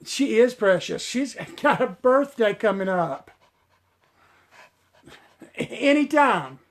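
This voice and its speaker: This man's voice is animated yet a little slow as he, a middle-aged hairstylist, hosts a live stream with easygoing, folksy chatter to y'all. He pauses to coax his dog in a lilting high pitch.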